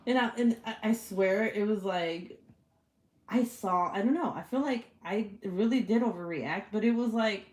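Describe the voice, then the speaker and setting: Woman hosting her stream, telling a story all over the place, swears, does everyone's voices, laughs a lot. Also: moderate pace. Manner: animated, swears freely, acts out quotes with big pitch jumps. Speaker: channel host. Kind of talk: casual storytelling on a livestream.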